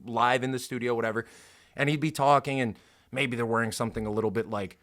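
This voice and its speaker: Fast-talking young man, profane and tangential. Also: mid-range voice, fairly even intonation, a bit bright, a little hiss or hum. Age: 20s. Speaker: podcast host. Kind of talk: casual podcast chat.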